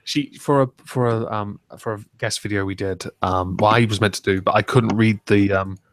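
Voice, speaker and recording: Wry lower-voiced man from England. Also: steady tone, normal speed, a little hiss or hum. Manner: wry, self-mocking, laughs often. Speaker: stream host. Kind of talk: casual chat.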